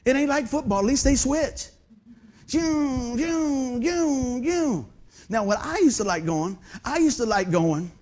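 Middle-aged male pastor, high voice that swings all over, animated folksy sermon. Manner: animated folksy preaching with rhetorical questions.

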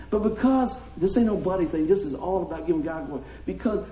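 A male pastor, telling a story in a sermon in an animated, conversational way. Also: high voice, fast, a little hiss or hum. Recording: roomy hall echo.

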